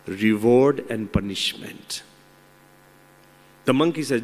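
A man's voice: mid-range voice, unhurried, long pauses. A man, a monk and motivational speaker, telling a fable with moralizing asides. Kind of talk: motivational talk with a told fable. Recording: long hall reverb.

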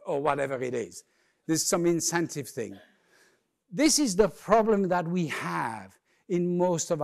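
A man giving a humorous keynote talk on stage, telling lively stories and acting out the voices of the people in them. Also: a little high, creaky. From lives in London. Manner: lively storyteller, acts out quoted voices. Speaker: keynote speaker. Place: conference stage before a live audience.

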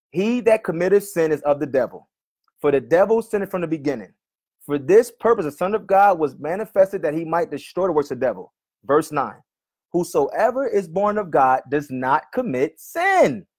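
Argumentative preacher man, lively pitch. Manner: argumentative, keeps addressing "brother", reads verses slowly and repeats them. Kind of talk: live online preaching, answering a commenter.

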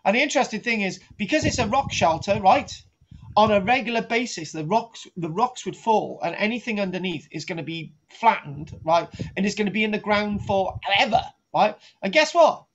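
A man's voice: high voice, lively intonation, moderate pace, a bit bright. A man giving a comic archaeology lecture, rambling and repeating himself, often asking "right?". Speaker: archaeology teacher. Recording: dull lo-fi sound.

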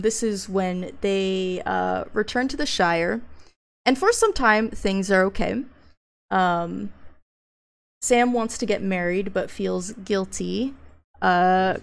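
A young woman with a gravelly, fry-tinged voice presents a graduate project in a relaxed, unscripted way, pausing often on ums and uhs. Her pitch sits in a middling range, and she drops into reading book passages aloud between remarks. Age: young adult. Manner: hesitant, many ums and uhs, blunt and profane when worked up.

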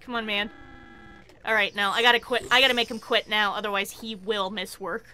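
Bright, excitable woman gaming. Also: mid-range voice, fast talker, a little hiss or hum. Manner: chatty, excitable, swears, laughs often. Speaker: game streamer. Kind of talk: casual gameplay commentary.

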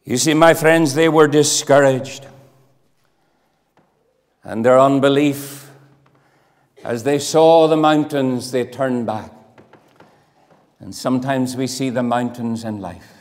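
A man preaching a sermon with fervour, his voice swinging from loud declarations to hushed appeals. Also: mid-range voice, takes it slowly, pauses often. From Northern Ireland. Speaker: pastor. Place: church hall. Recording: long hall reverb.

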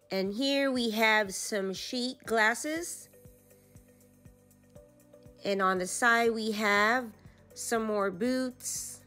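Slow-talking woman vlogger browsing a store. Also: fairly high pitch, sharp tone. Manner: chatty, describing items as she browses. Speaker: vlogger host. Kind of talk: casual shop-along narration. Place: indoor retail store.

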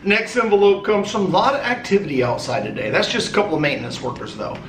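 A man's voice: high-pitched, lively intonation, fast, noisy background. A man opening fan mail on a casual vlog, chatty and rambling, swearing now and then. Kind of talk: casual chat. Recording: echoey room.

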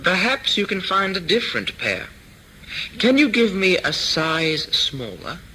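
Brief: polite woman shopper , read by a man, slow, bright. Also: sits high, very animated, slight background noise, voice pushed up, heavily acted, low-quality recording.

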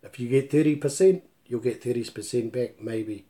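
A man's voice: mid-range voice, normal speed, mellow. A man with a New Zealand accent giving a casual live online language lesson through a laptop mic, chatty and storytelling, mixing in Māori words. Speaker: te reo Māori tutor. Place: at home on a live video stream. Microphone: laptop microphone.

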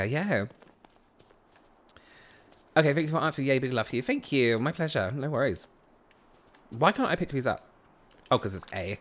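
A man from the United Kingdom streaming a game, chatting casually and answering viewer comments as he plays. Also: mid-range voice. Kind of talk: casual live-stream chat.

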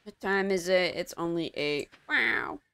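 A woman's voice: lowish voice, measured pace, sharp tone, smooth. A woman streamer in a casual gaming stream, groggy and out of it, sarcastically cursing at game characters.

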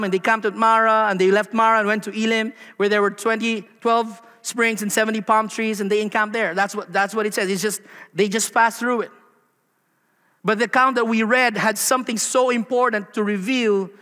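A man preaching a sermon as pastor, animated, full of rhetorical questions and acted-out quotes, in a church. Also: very high-pitched. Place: church sanctuary. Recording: long hall reverb.

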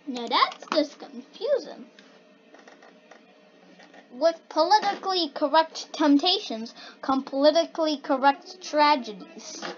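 A young kid casually reading odd quotes aloud and then puzzling over them, sounding bemused and giggly. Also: high-pitched. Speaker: video maker reacting to generated quotes. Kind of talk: casual reaction commentary. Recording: dull lo-fi home recording with faint hiss.

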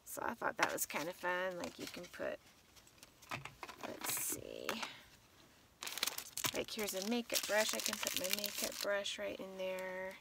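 Sleepy, gravelly-voiced woman vlogger. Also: medium pitch, fairly even intonation, moderate pace, hardly any pauses, recorded from a distance, heavy background noise. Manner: sleepy, rambling and chatty. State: tired, half asleep. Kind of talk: casual late-night vlog chat.

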